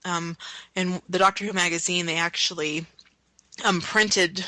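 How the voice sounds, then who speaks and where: A woman on a podcast, relaxed as she reads out scene setups. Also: on the low side, unhurried, no echo, poor audio. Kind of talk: casual chat.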